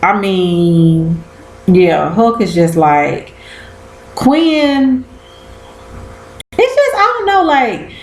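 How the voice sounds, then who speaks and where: A woman's voice: medium pitch, sing-song, extremely slow, pauses often, darkish tone, echoey room, poor audio. A woman chatting casually about a TV episode, slangy and cussing as she acts out quotes. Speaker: vlogger recapping a TV episode. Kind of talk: casual chat.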